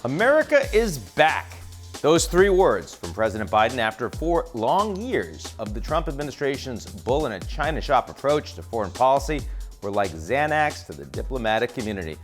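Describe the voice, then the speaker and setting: A man's voice: mid-range voice, very animated, normal speed, soft background music. A middle-aged man hosting a show, delivering a scripted commentary monologue in a wry, sardonic, emphatic way. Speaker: host.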